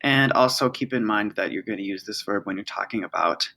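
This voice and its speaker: A man's voice: on the low side, a little fast, gravelly, bright, forceful tone, low-quality recording. A man teaching a casual video lesson, explaining patiently and repeating the key forms. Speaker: Spanish teacher.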